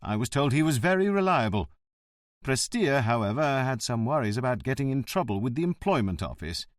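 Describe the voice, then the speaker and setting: A man's voice: mid-range voice, sing-song, brisk, no echo, studio quality, close to an everyday voice. A man voicing a polite, officious middle-aged government official explaining himself at length.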